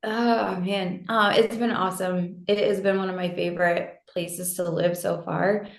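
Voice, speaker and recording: Friendly American woman, gravelly and roomy. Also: on the low side, little pitch movement, unhurried. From New Hampshire, USA. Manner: friendly, laughs easily, many fillers like um and like. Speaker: guest, fitness coach. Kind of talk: casual interview chat.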